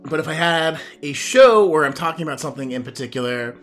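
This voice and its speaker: A man's voice: on the high side, lively intonation, fast, fairly bright tone, soft background music. A man hosting his own podcast and talking alone to a camera as a coach, reflective and rambling, with many fillers and restarts. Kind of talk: solo podcast monologue.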